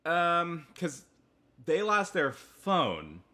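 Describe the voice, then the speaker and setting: A man around thirty co-hosting a casual comedy podcast. His voice is very bright and lively, rising and falling a lot, and he talks with a dry, self-deprecating wit. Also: on the high side, very slow. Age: 30s. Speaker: podcast co-host.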